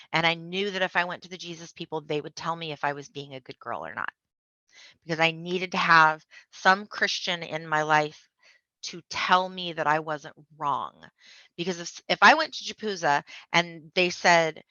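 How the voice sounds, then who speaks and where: A woman with a low yet bright, forceful voice recounts her own story as a podcast guest. She tells it vividly, slipping into the voices of the people in it. The recording is dry and a little dull. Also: dry recording. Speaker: interview guest. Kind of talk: personal storytelling. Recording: dull, muffled podcast audio.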